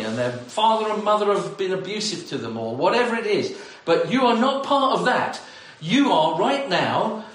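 A man's voice: sits high, a bit bright. A man preaching a sermon to his congregation, exclamatory and addressing them directly. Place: church hall. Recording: echoey hall from far off.

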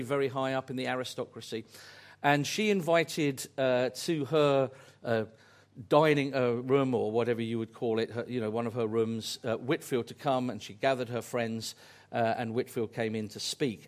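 A man preaching a sermon, earnest and fond of repeated phrases and pointed questions. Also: medium pitch.

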